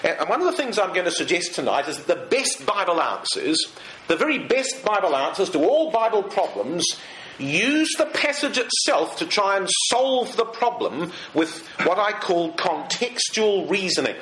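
A man giving a Bible study to a live group, speaking in an animated way and putting rhetorical questions to his listeners. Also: sits high, moderate pace, slight background noise. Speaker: Bible teacher. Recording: echoey room, faint ambience.

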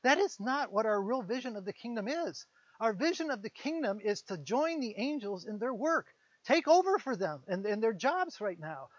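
A man preaching a conversational sermon, retelling a Bible story with quick voiced asides for its characters. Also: extremely high pitch, very animated, no room sound. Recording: dull, lo-fi sound.

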